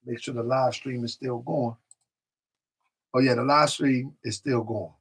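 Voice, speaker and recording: A man with a gravelly, husky mid-range voice talks at an unhurried pace and a steady tone. Hosting a laid-back live stream, he reads viewer comments, speaks straight to chat, repeats himself a lot, and drifts off mic now and then.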